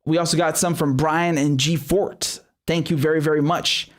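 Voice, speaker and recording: A man hosting a live commentary stream, his voice sitting a little higher than most men's. He talks bluntly and swears freely, stumbling over restarts as he goes. He reads viewer messages aloud and answers them. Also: steady tone, normal speed. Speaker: show host.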